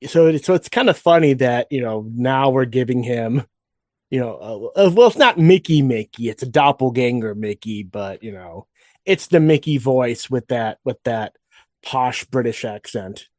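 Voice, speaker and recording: A man's voice: mid-range voice, animated, unhurried, darkish tone, no room sound, studio quality. A man co-hosting a casual fan podcast, rambling with frequent restarts and asides. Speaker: podcast co-host.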